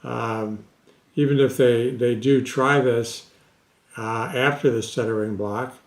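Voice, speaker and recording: A man who is a stuttering specialist, giving casual advice to camera in an unhurried way with many pauses and fillers. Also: medium pitch, steady tone, echoey room.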